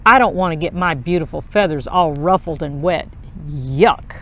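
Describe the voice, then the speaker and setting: A woman's voice: low voice, normal speed, fairly bright tone, dull audio, a little hiss or hum. A woman voicing a vain, fussy little boy duckling in a children's storybook. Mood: grumpy.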